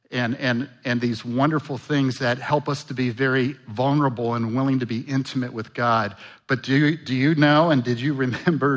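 A man's voice: mid-range voice, a bit bright. A man preaching a sermon in an earnest, conversational way, often restarting his phrases. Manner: conversational, earnest, self-correcting.

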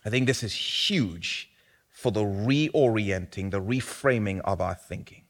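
A man preaching a sermon, animated and building to loud emphatic peaks. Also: fairly low pitch, measured pace. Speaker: pastor.

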